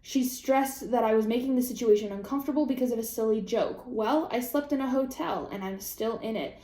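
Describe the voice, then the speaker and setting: A young woman vlogger chatting casually, reacting to online posts in an animated, profane way with sudden high-pitched outbursts. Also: brisk, roomy sound. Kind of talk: casual chat.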